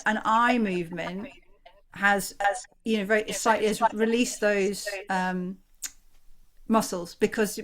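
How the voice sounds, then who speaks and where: Calm woman coaching over a video call. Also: mid-range voice. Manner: calm, encouraging, guides the group through exercises. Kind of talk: online workshop instruction.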